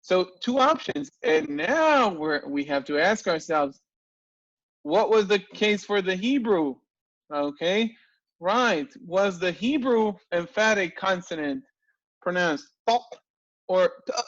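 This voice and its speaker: A man teaching an online language class, lively and full of rhetorical questions. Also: sits high, takes it slowly, dry recording, highs cut off. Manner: lively, asks rhetorical questions, frequent restarts. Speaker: language lecturer.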